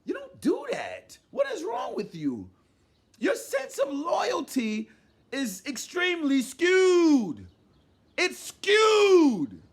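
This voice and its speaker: High, animated man ranting loudly. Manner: loud, exasperated, often shouting, mock-quoting others. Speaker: commentary vlogger. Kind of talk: animated rant commentary.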